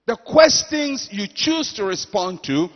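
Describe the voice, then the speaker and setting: A man preaches with a high, lively voice that swings widely as he acts out quotes and calls on the congregation to respond. He speaks slowly and emphatically, and his sermon rings with long reverb in a church hall. The recording is muffled and dull. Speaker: pastor.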